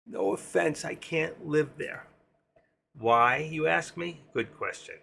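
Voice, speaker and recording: A man's voice: medium pitch, measured pace, gravelly, sharp tone, slightly rough. A middle-aged man with a New York accent, chatting casually on his trading live stream and reading viewer comments aloud.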